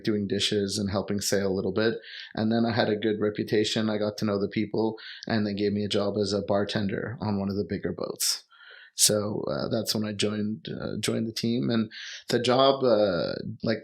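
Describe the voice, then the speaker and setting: A young Canadian man telling travel stories in relaxed, rambling conversation, full of fillers. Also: fairly low pitch. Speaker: guest. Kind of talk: casual storytelling conversation.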